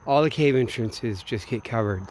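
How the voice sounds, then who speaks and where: Man, rambling monologue, foul-mouthed, trails off, mid pitch, faint background hum. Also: normal speed, a little mellow. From Minneapolis, USA. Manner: meandering, profane, trailing off often. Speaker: vlogger. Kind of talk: rambling late-night monologue.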